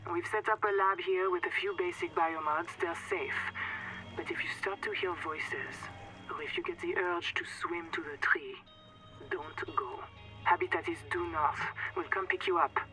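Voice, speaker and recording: An actress with a French accent voicing a calm, wary woman surgeon who briefs a stranded castaway in a video game, in an earnest, measured way. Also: lowish voice, faint music behind, low-quality recording. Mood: warning. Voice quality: measured, earnest warning delivery. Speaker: game character, colony surgeon.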